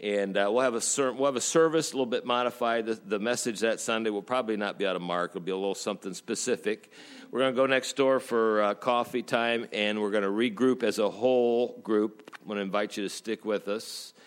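A man preaching as a pastor in a church, telling jokes in a folksy way and slowing down for emphasis. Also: fairly low pitch, clear, resonant tone. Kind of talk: sermon.

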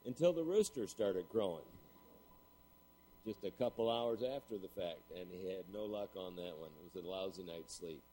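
A man's voice: sits low, moderate pace, mellow, rough recording. A middle-aged man preaching a sermon, telling a story and then building to emphatic points. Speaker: pastor.

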